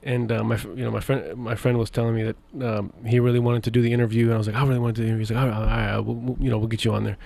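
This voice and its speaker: A young man telling stories in a casual podcast chat, animated and laughing as he acts out what others said. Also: mid-range voice, rapid-fire, gravelly, few pauses, no room sound. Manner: animated, acts out quoted voices, laughs often. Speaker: podcast guest, media founder.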